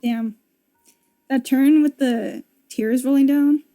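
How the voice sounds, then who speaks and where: Brief: young woman, casual reaction commentary, high and animated, faint soundtrack under her. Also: takes it slowly, faint music behind. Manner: expressive, laughing, swearing. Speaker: video creator.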